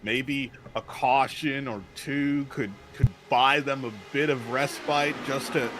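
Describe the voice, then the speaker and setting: A man's voice: mid-range voice, fairly even intonation, slow pace, noisy background. A man giving color commentary on a sim racing broadcast, offering short, agreeable analysis.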